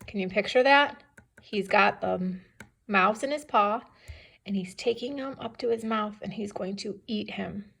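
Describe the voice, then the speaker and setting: A woman's voice: medium pitch, unhurried, creaky, fairly bright tone, breathy edge. A woman teacher reading a story aloud to young children, patiently stopping to ask them questions. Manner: patient, questioning, checks understanding. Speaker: second-grade teacher.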